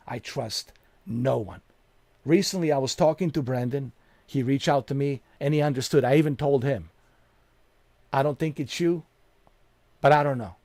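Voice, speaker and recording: A man's voice: mid-range voice, a little mellow, no room sound. Angry, profane male streamer ranting. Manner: profane, heated, blunt. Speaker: game streamer. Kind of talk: angry rant to live chat.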